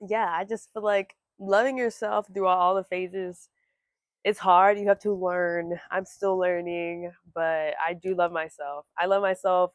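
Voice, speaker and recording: A woman's voice: fairly low pitch, fairly even intonation, a little slow, no room sound. A young woman vlogging to camera from home, talking candidly and rambling, swearing freely. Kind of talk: casual talk to camera.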